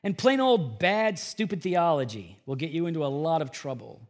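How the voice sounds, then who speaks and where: Pastor preaching with rising emphatic bursts. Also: male voice, a little high, animated, moderate pace. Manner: swings from hushed earnest tones to loud emphatic bursts. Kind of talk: sermon. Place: church.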